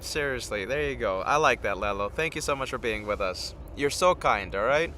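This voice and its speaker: Tired, rambling man with a bright voice. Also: mid-range voice, expressive, moderate pace, hardly any pauses, slight background noise. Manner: rambling, chats directly with viewers. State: tired from little sleep. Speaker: live-stream host. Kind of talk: casual live-stream chat.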